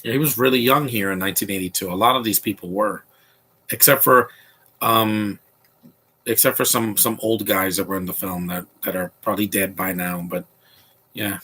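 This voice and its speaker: Opinionated husky-voiced man riffing on movies. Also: fairly low pitch, fairly even intonation, normal speed, bright, forceful tone. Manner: opinionated, rambling with frequent restarts. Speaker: podcast commentary host. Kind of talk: casual movie commentary.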